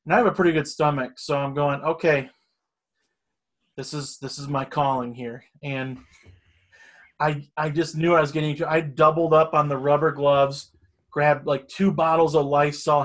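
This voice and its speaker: A man's voice: fairly high pitch, a bit bright. A middle-aged man telling a long story in casual chat, rambling and swearing freely. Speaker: storyteller guest.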